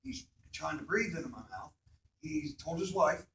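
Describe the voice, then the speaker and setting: A man speaks earnestly to a room of students about his own experience, pausing often to check in with them. His voice sits a little high and rings through an echoey hall, picked up from some distance with faint background noise. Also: huge pitch swings, creaky, a bit bright. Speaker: speaker telling his accident story to students. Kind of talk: personal testimony talk. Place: school hall or classroom.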